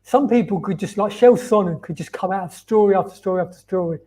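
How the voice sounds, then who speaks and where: High, mellow-voiced male fight reporter. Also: fast talker, slight background noise. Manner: enthusiastic, anecdotal. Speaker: show co-host and fight reporter. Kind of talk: casual live watch-along chat.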